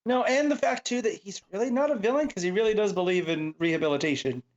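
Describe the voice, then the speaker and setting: A man co-hosting a comics podcast, chatting and joking casually. His voice sits a little higher than most men's. The recording sounds somewhat muffled. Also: fast. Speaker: podcast co-host. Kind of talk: casual comic review chat.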